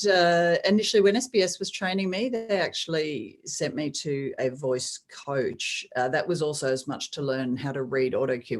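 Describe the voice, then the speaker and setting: A middle-aged woman with an Australian accent and a very deep voice, a sports presenter speaking in a measured, reflective way in a podcast interview.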